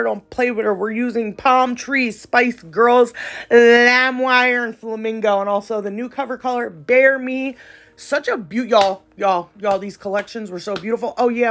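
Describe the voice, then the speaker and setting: A chatty woman narrates her nail tutorial. She speaks with a gravelly, fry-laced edge, slightly high pitch, and playful slang. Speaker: nail tech vlogger. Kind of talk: casual voiceover tutorial.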